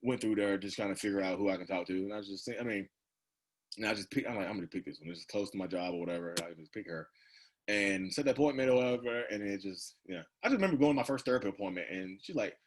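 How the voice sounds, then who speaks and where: Husky rambling man in his thirties. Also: fairly low pitch, animated, fast talker. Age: 30s. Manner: rambling, full of "like" and "you know", laughs often. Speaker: guest. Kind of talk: casual conversational storytelling.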